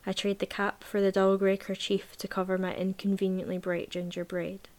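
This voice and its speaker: This book reviewer, a woman, speaks at a medium pitch. She first reads a novel aloud evenly and deliberately, then talks about it in a relaxed, conversational way.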